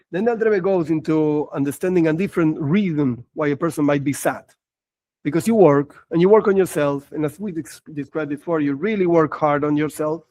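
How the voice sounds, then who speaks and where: A man's voice: on the high side, darkish tone, no room sound. A man, a rabbi, giving an earnest religious lesson, explaining ideas simply and acting out short scenes with bursts of raised voice. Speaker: rabbi teaching a class.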